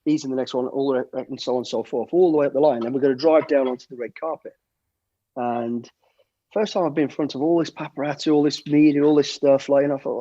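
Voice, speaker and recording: Speaking fast in a mid-range voice, a middle-aged man from the UK shares anecdotes as a podcast guest, drawing on his past as a soldier and bodyguard. He tells them with lively energy, tripping over repeated words and performing others' quotes. There's no echo, though the audio is dull.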